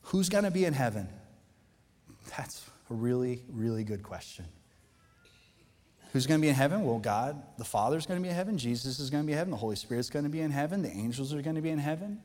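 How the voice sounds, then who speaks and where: A man preaching a sermon as pastor, talking in a conversational, animated way that builds to impassioned emphasis. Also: mid-range voice, quick pace, long reverb tail. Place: church auditorium.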